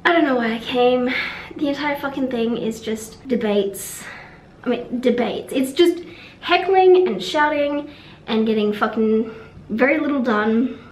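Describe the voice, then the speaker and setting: A woman's voice: fairly high pitch, unhurried, slight background noise. Rambling young woman, echoey room. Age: young adult. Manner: rambling, frank, swears, trails off. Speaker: vlogger. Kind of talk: casual vlog monologue. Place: room at a conference venue.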